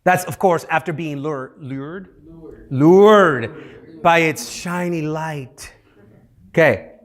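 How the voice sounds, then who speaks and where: A man's voice: on the high side, takes it slowly. A man leading youth group teaching in a playful, interactive way, having the room repeat key words.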